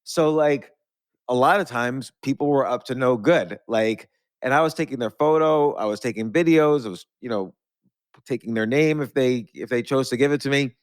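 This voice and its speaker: A middle-aged man hosts a podcast, spinning long, rambling anecdotes full of restarts and laughter as he tells stories in conversation. His voice sits at a medium pitch and moves at a moderate pace, recorded with studio quality and no room sound.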